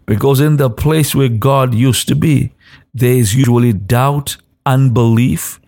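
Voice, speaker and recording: A man's voice: medium pitch, unhurried, dark tone. A man preaching a sermon, repeating short exhortations over and over and rising into a sung cadence. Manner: speaks in tongues between exhortations.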